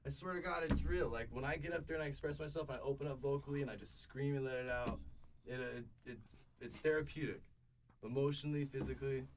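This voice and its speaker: A man's voice: mid-range voice, steady tone, fast talker. Laid-back rambling man off-mic with noise. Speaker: band musician guest. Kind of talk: casual radio interview chat. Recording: distant mic with noise and clicks.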